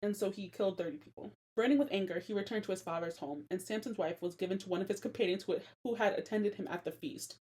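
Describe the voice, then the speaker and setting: A young woman hosting a podcast, giving casual commentary on a Bible story, animated and slangy and laughing often. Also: mid-range voice, fast, few pauses. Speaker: podcast host.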